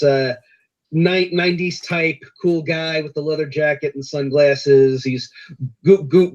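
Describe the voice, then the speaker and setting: A man's voice: fairly high pitch, a little mellow. A young man who talks hesitantly and trips over his words, chatting as a livestream guest. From United States. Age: young adult. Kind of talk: casual livestream chat. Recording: dull lo-fi stream audio.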